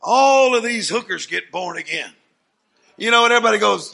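A man preaching a sermon as a dramatic story, swinging from hushed asides to loud declarations. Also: high voice, lively intonation, fairly quick, creaky.

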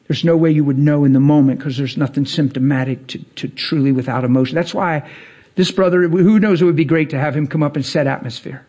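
A male preacher delivering a casual, storytelling sermon, animated and slangy, often laughing as he talks. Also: a little high, lo-fi sound.

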